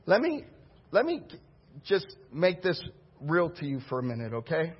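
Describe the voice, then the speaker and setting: A pastor telling a story in his sermon, conversational and animated. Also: fairly high pitch, normal speed, husky, muffled recording. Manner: animated, conversational, acts out the people he quotes.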